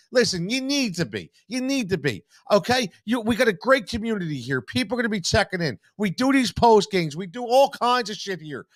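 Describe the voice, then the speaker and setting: A man's voice: high voice, fairly bright tone, dry recording. A man hosting a live postgame sports reaction stream, fired-up and blunt, swearing freely and repeating his points. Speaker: sports talk host.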